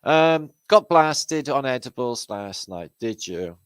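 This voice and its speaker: Chatty man with a lively voice. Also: mid-range voice, takes it slowly, clean tone, dry recording. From Britain. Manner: swears casually, chatty, greets viewers by name. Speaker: channel host. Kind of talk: live-stream chat with viewers.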